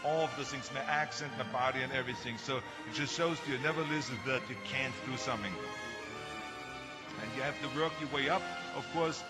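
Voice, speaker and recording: A man's voice: medium pitch, a little fast, long reverb tail, loud music behind the voice. A man in his sixties with a German accent gives a motivational speech, telling anecdotes in an emphatic way with dry humor. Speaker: speaker.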